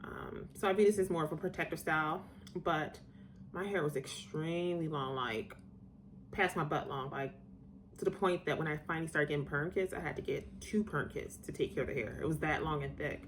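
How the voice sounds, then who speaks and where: A woman's voice: low voice, a little fast, a little hiss or hum. Chatty middle-aged woman storyteller. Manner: chatty, digressive, animated when quoting people. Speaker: vlogger telling personal stories. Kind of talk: casual storytelling to camera.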